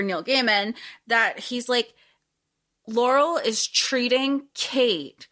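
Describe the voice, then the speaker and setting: A young woman co-hosting a podcast, chatting casually and animatedly, acting out characters' lines as she retells a story. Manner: animated, quotes characters with big pitch jumps. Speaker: podcast co-host. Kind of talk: casual fan discussion.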